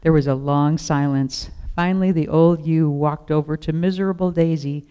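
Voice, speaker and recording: A narrator reading a children's storybook aloud in a steady, expressive way. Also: mid-range voice, moderate pace, clean tone.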